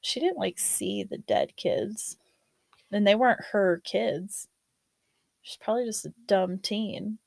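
A woman's voice: medium pitch, very animated, slow pace, gravelly, darkish tone, no room sound. Chatty woman host reading a story. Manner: profane, laughing, chatty. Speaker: podcast host. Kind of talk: casual chat and reading a story aloud.

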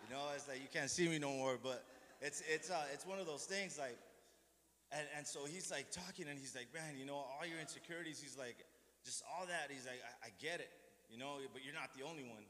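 A man's voice: fairly high pitch, a little fast, bright, forceful tone. Rambling man preaching in an echoey hall. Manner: rambling, self-deprecating, many restarts. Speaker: lay preacher. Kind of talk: informal sermon. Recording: echoey hall with long reverb.

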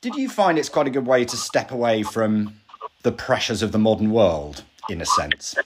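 Low-voiced male podcast host. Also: expressive, normal speed, background noise. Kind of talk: casual interview.

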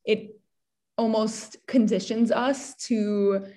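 A woman hosting a casual interview, asking questions and adding her own reflections in a relaxed way. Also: fairly high pitch, slow pace. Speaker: podcast host.

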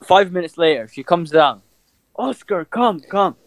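A young man telling stories on a casual podcast, animated, swearing freely and laughing as he talks. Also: high-pitched, unhurried, no room sound, poor audio. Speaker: podcast co-host. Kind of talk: casual storytelling chat.

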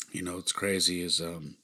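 A man in his thirties hosting a podcast, telling a personal story in a subdued, halting way with frequent sighs. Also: low voice, bright, forceful tone. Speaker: podcast host.

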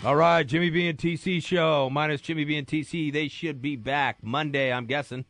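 A man's voice: on the high side, steady tone, moderate pace, a bit bright, dry recording, faint music behind. A man filling in as host on a sports radio show, chatting casually in a joking, rambling, self-deprecating way at a studio mic. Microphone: studio microphone.

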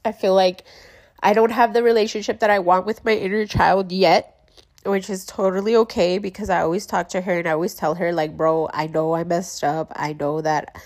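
A woman's voice: on the low side, steady tone, moderate pace, darkish tone. A young woman talking candidly in a personal vlog, casual and confessional, using "like" and "bro" a lot and swearing freely. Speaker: vlogger.

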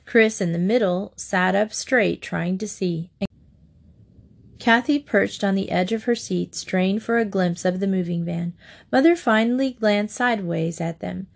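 A woman narrating a children's chapter book in a steady, expressive read-aloud. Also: medium pitch, unhurried, gravelly.

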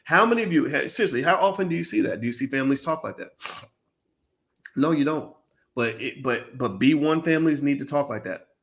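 A man's voice: mid-range voice, lively intonation, brisk, fairly bright tone. A man giving an impassioned monologue, preachy and emphatic, who repeats himself and talks straight to his listeners in casual slang. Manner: uses casual speech with slang. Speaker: commentator.

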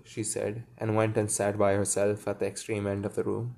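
A man reading a children's story aloud, pausing to muse and comment on it. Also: on the low side, monotone, creaky, a little mellow. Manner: muses aloud between passages. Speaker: reader.

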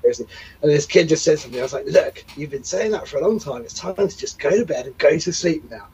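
A man's voice: a little high, lively intonation, a little fast, mellow, muffled recording. A man hosting a casual podcast chat, rambling and self-deprecating. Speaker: podcast host.

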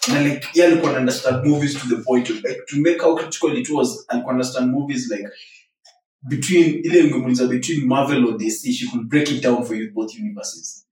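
Young dude telling stories on a podcast, english and swahili mixed, a bit far off, echoey. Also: male voice, mid-range voice, fast talker. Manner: relaxed storyteller, mixes English and Swahili slang. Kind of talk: casual chat. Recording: echoey room, far from the mic.

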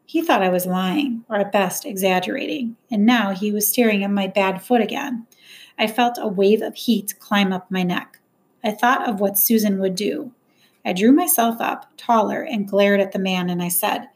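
Brief: woman narrator, measured first-person storytelling, earnest delivery. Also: medium pitch. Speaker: audiobook narrator.

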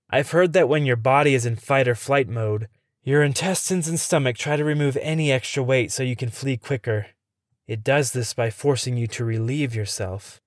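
A man reading a first-person horror story in a tense, suspenseful way, dropping to a hush at the scary moments. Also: mid-range voice, no echo, studio quality.

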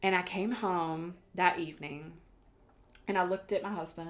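A woman guest on a podcast, a medium telling stories in a casual, animated way and acting out the voices she quotes. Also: on the low side, normal speed. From United States.

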